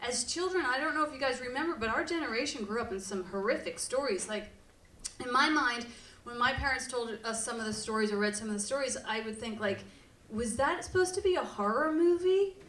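A woman hosting a live storytelling show, telling comic stories in an animated, profane way and laughing often. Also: on the high side, fast talker. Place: live venue stage with audience. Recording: roomy live hall from far off.

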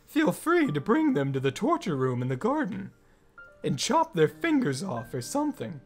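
A woman's voice: fairly low pitch, huge pitch swings, normal speed, a little mellow, faint music behind. A woman reading aloud the lines of a teenage girl who angrily demands answers from her sister in a visual novel. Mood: accusing.

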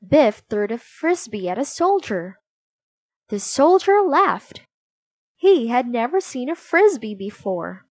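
A woman reads a children's storybook aloud, slow and expressive. Her voice is fairly high, with plenty of movement in pitch. The recording is close and dry. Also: dry recording. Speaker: narrator.

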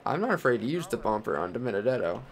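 Very animated and fast-talking, this young gaming host from Texas curses his way through a racing game, calling the action and venting profanely at the other drivers. A faint hiss sits behind his middling-pitched voice.

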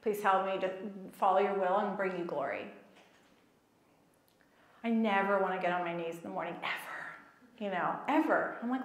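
A woman giving a personal, storytelling talk at a faith gathering, lively and self-mocking, often laughing at herself. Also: medium pitch, normal speed, pauses often. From child of Egyptian parents, raised in America. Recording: echoey hall.

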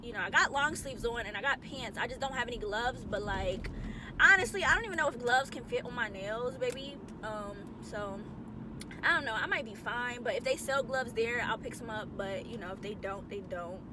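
Young woman vlogger, bubbly slangy car chat, high voice, road noise behind. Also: moderate pace. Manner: chatty, upbeat, slangy. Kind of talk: casual chat to camera. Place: in a car, driving.

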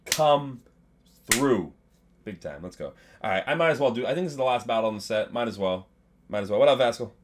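An excitable young man talking through his game on a live stream, average in pitch. He mutters under his breath one moment and yells the next, bantering with his chat as he plays. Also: a little fast. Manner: excitable, swings from mumbling to yelling, banters with chat. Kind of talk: live gaming stream commentary.

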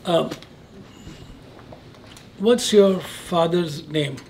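A man with a non-native English accent who poses riddles in a slow, teasing quiz manner during a casual chat. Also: fairly high pitch, a little mellow, slight background noise. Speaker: quizmaster guest.

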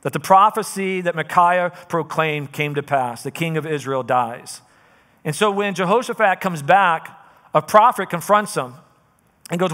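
A man preaching a sermon, retelling a scripture story in a lively, casual way with conversational asides. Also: a little high, measured pace, in a large hall. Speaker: pastor. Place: church auditorium.

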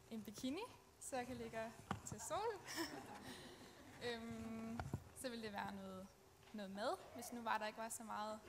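Hesitant young woman, noisy stage sound. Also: a little high. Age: young adult. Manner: hesitant, many ums. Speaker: pageant contestant, nursing student. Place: live pageant stage.

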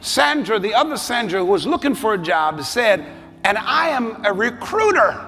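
A middle-aged man preaches in a sanctuary, his voice pitched high and full of animated storytelling. The sound carries a long hall reverb. Music plays clearly beneath him. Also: moderate pace. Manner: animated storytelling, rising to shouted altar call. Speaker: bishop, pastor. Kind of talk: sermon. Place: large church sanctuary.

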